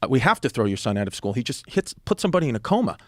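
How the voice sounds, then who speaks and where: A man voicing a stern religious brother who runs his school, flat and unbending. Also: medium pitch, racing, dry recording, studio quality.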